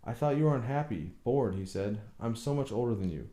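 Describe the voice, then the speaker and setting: A man's voice: mid-range voice, animated, brisk, mellow, reverberant, natural voice. A man voicing a tormented older husband who talks in a brooding, bitter way in an audiobook reading. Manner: brooding, bursts into bitter anger.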